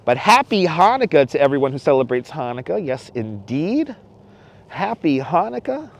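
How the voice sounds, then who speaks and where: A man's voice: mid-range voice, big pitch swings, brisk. A middle-aged man hosting a casual live stream outdoors on a cold beach at night, chatting with viewers and laughing often. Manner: chatty, laughs often, reads chat aloud. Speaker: livestream host. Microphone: wireless clip-on mic.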